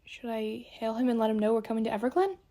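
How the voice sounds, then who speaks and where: A woman's voice: fairly high pitch, fast talker, dark tone, natural voice. A woman voicing an earnest, determined young girl who speaks up insistently.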